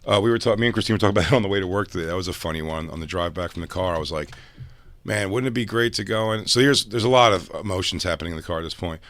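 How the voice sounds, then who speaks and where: A middle-aged man co-hosting a podcast, chatting casually with a wry, teasing manner and quick jokes. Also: low-pitched, fairly bright tone, no echo. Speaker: podcast co-host. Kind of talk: casual chat.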